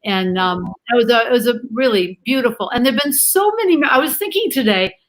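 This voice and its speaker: A woman chatting as a guest over a video call from home, animated and affectionate, calling people dear and love. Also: a little high, brisk, rough recording. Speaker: guest on a livestream talk show. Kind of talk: casual video-call chat. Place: home in Canada.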